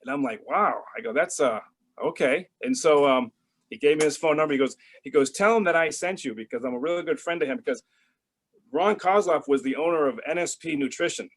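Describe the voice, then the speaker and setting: A man's voice: fairly high pitch, brisk, rough recording. A middle-aged man telling a story in an interview, rambling with many restarts and fillers, and acting out the phone calls in quoted voices. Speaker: interview guest. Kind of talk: casual storytelling.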